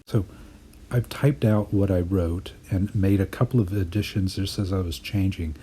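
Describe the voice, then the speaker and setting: In a voice-over, a man with a very low, mellow voice and fairly even intonation talks through a poetry lesson. He explains his own work thoughtfully and at a measured pace, like a writing teacher guiding a class through drafts, with a faint hiss beneath his voice.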